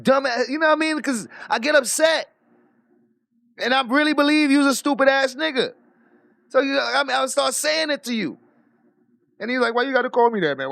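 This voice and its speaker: A man with a high, gravelly voice tells a story in a loose, profane rant, animated and quick to laugh. The sound is dry and close, with no room around it. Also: dry recording. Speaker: streamer. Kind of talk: casual rant.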